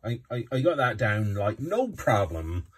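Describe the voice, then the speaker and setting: A man voicing a swaggering male pirate with a parrot on his shoulder, in a put-on West Country pirate accent, loud and drawn-out. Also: lowish voice, very animated, breathy edge, far from the mic, pitched above the performer's own voice, exaggerated voice. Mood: playful.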